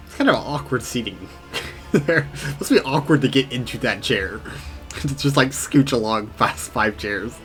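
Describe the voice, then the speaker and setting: A man's voice: medium pitch, animated, measured pace, a bit bright. A man playing a video game, reading the on-screen text aloud and tossing in casual, wry asides. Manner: casual, wry asides, stumbles over words. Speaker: let's play gamer. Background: game music.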